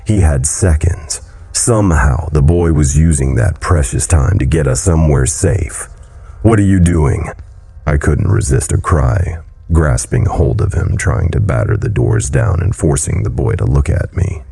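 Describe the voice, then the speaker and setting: A man narrating a horror story in a low, brooding delivery. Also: normal speed, creaky, mellow, husky.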